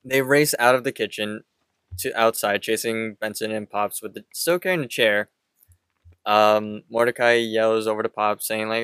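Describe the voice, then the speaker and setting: Low, smooth-voiced man recapping casually. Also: moderate pace, dry recording. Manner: relaxed, narrates plot step by step with fillers. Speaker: podcast co-host. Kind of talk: casual chat recapping a cartoon episode.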